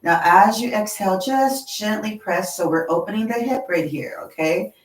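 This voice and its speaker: A woman leading a yoga class, gently talking students through stretches and breathing and checking in with "okay?". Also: medium pitch, echoey room, recorded from a distance, poor audio. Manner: slow, gentle and encouraging, with frequent "okay?". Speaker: yoga instructor. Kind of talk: guided yoga class instruction. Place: yoga studio.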